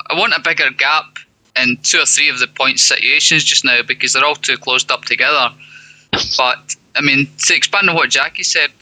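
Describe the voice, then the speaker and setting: Guy on a podcast arguing his point hard, super bright sharp voice, kinda high. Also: no echo, rough recording. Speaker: panel guest. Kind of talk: casual panel chat.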